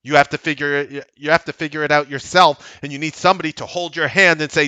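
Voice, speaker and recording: A blunt trading host with a tense, forceful edge to his voice, delivering a sarcastic livestream rant that lurches between loud jabs and muttered asides. The sound is dry and close, with no room around it. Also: quick pace, hardly any pauses, no echo. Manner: blunt, sarcastic ranting that swings from loud to low. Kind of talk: unscripted livestream commentary.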